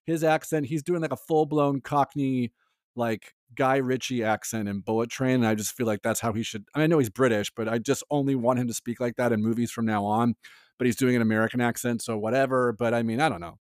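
A man co-hosting a casual pop-culture podcast, talking in an animated way with lots of fillers and frequent laughs. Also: medium pitch, fairly quick, no echo, clean studio sound. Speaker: podcast co-host.

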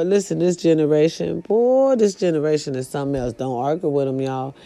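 A woman's voice: low-pitched, fairly quick, few pauses, warm tone, soft background music. A woman talking to her online viewers in a casual, preachy monologue, repeating her points with emphasis. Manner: emphatic, repetitive, preaching to followers. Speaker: online commentator addressing viewers.

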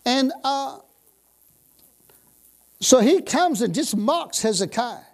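A woman's voice: high-pitched, expressive, slow pace. A woman preaching a sermon, exuberant, bursting into exclamations of praise and dwelling on repeated phrases.

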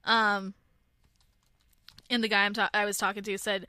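A woman's voice: mid-range voice, normal speed, pauses often, clear, resonant tone, no echo, clean studio sound. A young woman co-hosting a radio show, telling stories and teasing her co-host in casual chat. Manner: teasing, animated storyteller, laughs a lot.

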